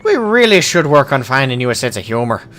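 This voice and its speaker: A man's voice: medium pitch, very animated, fast talker, a bit bright, faint music behind. A man doing a boisterous hard-drinking dwarf with a put-on Irish lilt. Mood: teasing. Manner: boisterous, boastful, hearty. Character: jovial hard-drinking male dwarf adventurer. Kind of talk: voicing game dialogue aloud.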